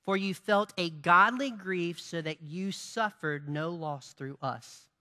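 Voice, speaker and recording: A pastor delivers a sermon in a bright, ringing voice, pressing points home through repetition and rhetorical questions put to the congregation. The delivery climbs into forceful, emphatic stretches. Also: medium pitch, takes it slowly. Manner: preaching with rising emphatic passages and repetition.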